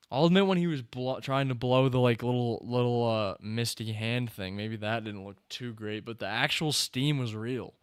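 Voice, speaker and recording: A man hosting a live stream, chatting casually and reacting excitedly to the screen and his chat. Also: medium pitch, normal speed, hardly any pauses, clean tone, no echo, studio quality. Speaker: streamer host.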